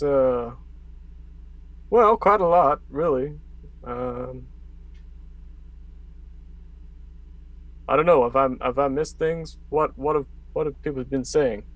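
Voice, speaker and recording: A man's voice: mid-range voice, dry recording. A man voicing a hesitant, plant-loving male adventurer in a tabletop game, speaking with lots of fillers. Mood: unsure. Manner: hesitant, many fillers and restarts.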